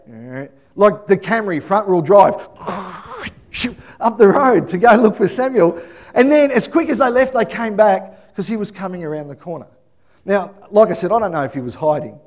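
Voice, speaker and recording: A middle-aged pastor whose voice sits high for a man. He preaches with animated storytelling, acting out the people in his family stories as he goes. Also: normal speed. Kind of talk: sermon.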